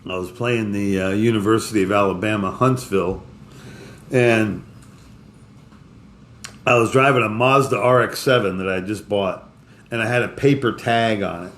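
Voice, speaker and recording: A man's voice: fairly low pitch, normal speed, long pauses, a bit bright. A man co-hosting a podcast, telling a story in a casual, rambling way with many restarts and fillers. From Florida. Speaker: podcast co-host.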